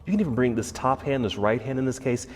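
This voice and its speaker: A man leading a guided yoga class, giving calm, encouraging cues about posture and breathing. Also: medium pitch, fast, in a large hall. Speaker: yoga instructor. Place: yoga studio.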